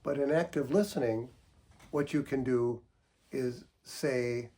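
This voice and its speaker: A man counselor calmly giving advice, patient and gentle, explaining through examples. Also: mid-range voice, slow pace. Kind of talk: calm instructional talk.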